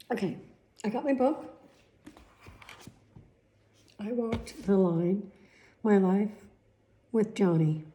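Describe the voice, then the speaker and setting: A woman's voice: medium pitch, a little mellow. A middle-aged woman chatting casually and rambling through stories, often swearing. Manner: chatty, profane, rambling storyteller. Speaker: vlog host. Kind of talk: casual chat.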